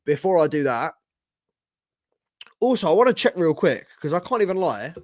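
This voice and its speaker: A young man hosting a live football reaction stream, casual and sweary, his voice hoarse from shouting. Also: a little high, very animated, normal speed, a little hiss or hum. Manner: casual, sweary, slangy, talks to chat. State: losing his voice. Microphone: streaming setup with camera.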